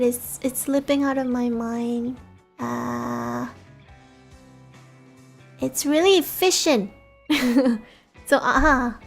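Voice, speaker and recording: A woman's voice: high-pitched, takes it slowly, pauses often, faint music behind. A young woman from Singapore with a light Singaporean English accent, chatting casually on a stream, giggly and full of fillers and restarts. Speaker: VTuber streamer.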